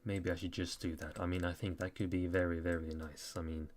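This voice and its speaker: A man's voice: low voice, flat delivery, brisk. A Norwegian man with an American-leaning accent chatting casually to viewers on a live stream, rambling with lots of fillers. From Norway.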